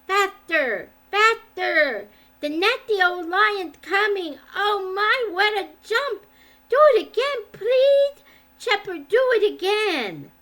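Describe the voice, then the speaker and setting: A woman's voice: sing-song, slow pace, pushed and bright, heavily acted. A woman voicing a furious little boy who bawls at the top of his voice. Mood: gleeful. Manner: screaming, shrill.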